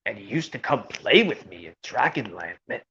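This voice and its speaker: A woman voicing a kindly old male dragon who speaks slowly and fondly remembers, over dull lo-fi audio. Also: a bass voice, sing-song, a bit bright, breathy edge, voice pushed down, full character voice. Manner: slow, reminiscing, halting.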